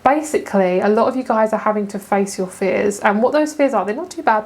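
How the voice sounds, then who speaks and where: A woman's voice: mid-range voice, brisk, a little mellow. A young woman giving a casual tarot pick-a-card reading, chatty and gushing, often laughing. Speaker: tarot reader.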